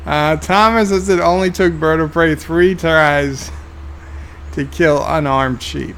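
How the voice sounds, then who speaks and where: Gravelly man reading chat aloud. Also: fairly high pitch, fairly even intonation, slow pace, fairly bright tone, slight background noise. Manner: reads viewer comments aloud, dry asides. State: tired, yawning. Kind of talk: casual live-stream commentary.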